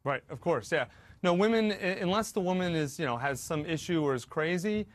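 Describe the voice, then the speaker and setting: A man's voice: on the high side, animated, fairly quick, no room sound. Earnest male co-host, dry sound. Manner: earnest, hedging with fillers. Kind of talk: talk show discussion.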